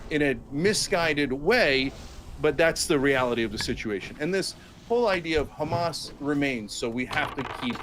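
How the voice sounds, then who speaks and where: Male pundit, fired-up and indignant, fairly high voice, background noise. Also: expressive, moderate pace, a bit bright. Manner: emphatic, indignant, mocking mimicry. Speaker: political commentator. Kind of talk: impassioned political commentary.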